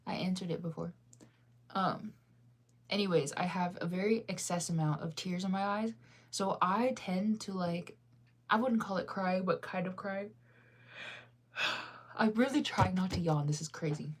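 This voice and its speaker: A woman's voice: fairly low pitch, a little slow, long pauses, breathy edge. A sleepy, yawning woman hosting a casual livestream, chatting in a rambling, giggly way as she answers viewers' comments. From United States. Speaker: livestream host.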